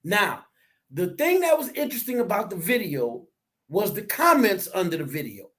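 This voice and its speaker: A man co-hosting a casual discussion, talking in a preachy, animated way that rises to near shouts. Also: high voice, moderate pace.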